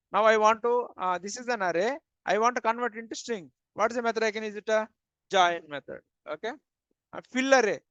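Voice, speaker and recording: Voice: mid-range voice, a bit bright, no echo. A programming instructor teaching a live coding class, asking the students questions, answering them, and saying "okay" often. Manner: plain repetitive wording, many "uh" fillers. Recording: dull, dry lo-fi recording.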